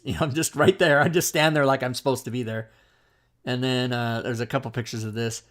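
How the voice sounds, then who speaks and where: A man's voice: mid-range voice, vocal fry, a bit bright. A man hosting a livestream talk show, telling a long story in a casual, rambling way, laughing often and restarting his sentences.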